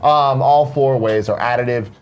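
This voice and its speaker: A man's voice: medium pitch, moderate pace, slight background noise. A young man co-hosting a morning talk show, chatting casually, swearing freely and mimicking lyrics in put-on voices. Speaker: podcast co-host. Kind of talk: casual chat.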